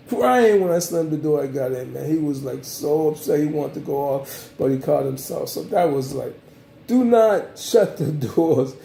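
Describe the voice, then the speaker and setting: A man from the United States casually recapping his trip in a vlog, rambling and animated, with many fillers. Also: fairly high pitch, vocal fry, reverberant. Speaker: travel vlogger.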